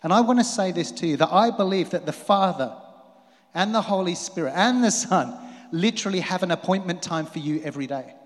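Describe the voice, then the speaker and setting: A man preaching a sermon in a lively way, rising to emphatic peaks and dropping to quiet asides. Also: sits high, fairly quick. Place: church hall. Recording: long hall reverb.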